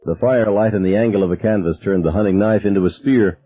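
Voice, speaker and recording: A man narrates a novel in the first person, measured and somber. His voice is low and husky. The sound is dry and squeezed into a narrow, phone-like band. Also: no echo. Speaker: audiobook narrator.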